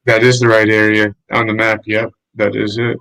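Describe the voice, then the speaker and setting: Laid-back man with a gravelly low voice. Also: monotone, normal speed, fairly bright tone, rough recording. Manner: laid-back, chatty, uses "like" a lot. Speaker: guest streamer. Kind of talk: casual livestream chat. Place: home, living in Lima. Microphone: streaming mic setup.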